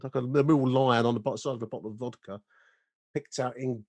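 A man's voice: mid-range voice, fairly even intonation, fast, darkish tone, no room sound. A man co-hosting a podcast, reading mock adverts in a jokey, sarcastic way and laughing often. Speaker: podcast co-host.

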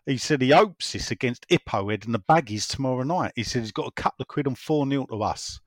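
A man's voice: mid-range voice, lively intonation, fast talker. A man talks in a loose, conversational way. He circles back over his points and reads listener messages aloud in a mid-range voice. The sound is dry, with no room echo. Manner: rambling, conversational, repeats himself. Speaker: football podcast host reading listener messages. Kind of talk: casual chat.

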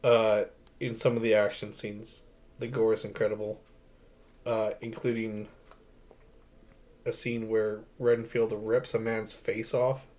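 A man's voice: lowish voice, flat delivery, measured pace, pauses often, a little mellow. A young man co-hosting a podcast, chatting casually and enthusiastically about a movie, rambling and laughing often. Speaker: podcast co-host. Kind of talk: casual movie review chat.

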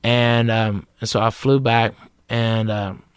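A middle-aged man with a Southern American accent, a guest comedian telling a lively, profane story in a podcast interview. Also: mid-range voice, slow, clean tone, no echo, studio quality. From Southern United States.

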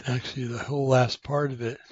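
A man's voice: medium pitch, little pitch movement, darkish tone, slightly rough, no echo, lo-fi sound. Earnest man hosting a faith podcast. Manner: halting, many ums and self-corrections, earnest. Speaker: podcast host. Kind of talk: casual religious podcast with scripture reading.

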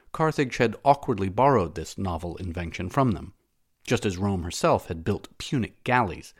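Audiobook narrator, male, lower register, measured and steady delivery. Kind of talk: audiobook narration of a classic novel.

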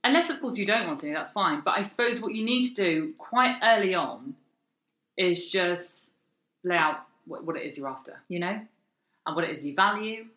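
A woman's voice: lowish voice, expressive, normal speed, pushed and bright. A woman from South East London co-hosting a podcast in casual chat, wry and joking. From South East London, England. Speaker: podcast co-host. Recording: roomy echo.

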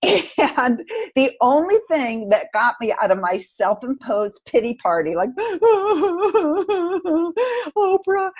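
Husky-voiced woman telling a personal story. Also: fairly high pitch, measured pace. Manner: animated, expressive storyteller. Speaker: podcast guest.

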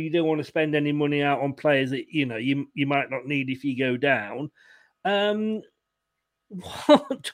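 In a home setting, a man with a slightly high voice hosts a casual football fan show, chatting and reading out viewer comments. He stumbles and restarts and laughs easily.

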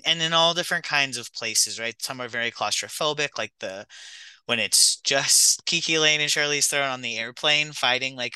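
A man's voice: mid-range voice, bright, forceful tone, clean tone, no echo, low-quality recording. A man co-hosting a film podcast in casual chat, enthusiastic and easygoing. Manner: enthusiastic, easygoing, laughs often. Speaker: podcast co-host.

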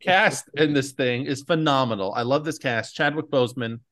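A man's voice: medium pitch, normal speed, a bit bright. A man hosting a podcast in casual chat, rambling along with lots of fillers. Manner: chatty, rambling with many fillers. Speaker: podcast host.

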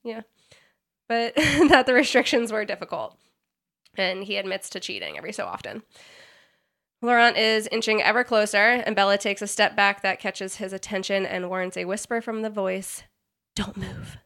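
A woman's voice: medium pitch, expressive, normal speed, a bit bright. A woman podcast host giving a giggly, sarcastic recap of a book chapter in casual chat.

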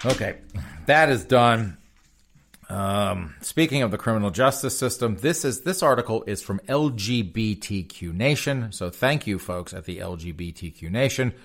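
A man's voice: fairly low pitch, animated, normal speed, fairly bright tone. A man hosting a podcast, reading odd crime stories aloud and mocking them in a folksy, sarcastic way, laughing often. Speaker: podcast host. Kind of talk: comedic news commentary.

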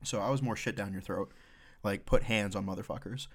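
A man's voice: on the low side, steady tone, a little fast. A Marine veteran chatting on a podcast, blunt and profane as he tells stories about leading troops. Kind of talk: casual podcast chat.

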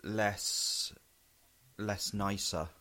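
A man's voice: on the low side, fairly even intonation, very slow, pushed and bright. A man co-hosting a podcast in sweary, rambling casual chat. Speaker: podcast co-host.

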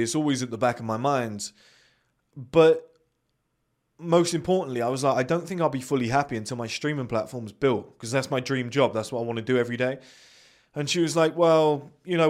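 A British-accented man delivers a blunt, profanity-laced motivational talk as a podcast host. He swears freely and slips into quick put-on voices when quoting people. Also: mid-range voice. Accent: British English. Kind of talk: motivational monologue.

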